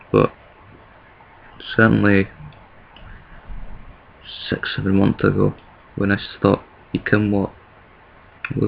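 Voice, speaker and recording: A man's voice: fairly low pitch, creaky, slightly rough. A man from Scotland with a Scottish accent, rambling and correcting himself in a casual video monologue. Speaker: vlogger. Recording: dull lo-fi home recording.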